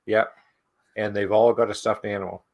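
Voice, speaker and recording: A man's voice: on the low side, little pitch movement, moderate pace, gravelly, a little mellow. A man guesting on a casual review chat, chiming in with short remarks and agreement. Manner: brief agreeing interjections and short observations.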